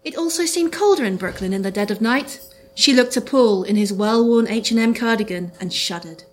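Woman reading a comic story deadpan. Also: a little high, fairly quick, slight background noise. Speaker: author reading aloud. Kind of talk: comic reading of her own book at a live event. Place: live venue with audience.

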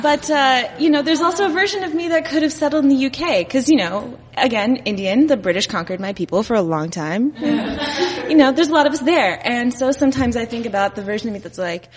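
Woman storyteller on stage, playful and laughing, bright-ish pitch, echoing hall. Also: animated, fairly quick. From Dallas, Texas. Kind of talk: live stand-up storytelling. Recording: live hall with long reverb.

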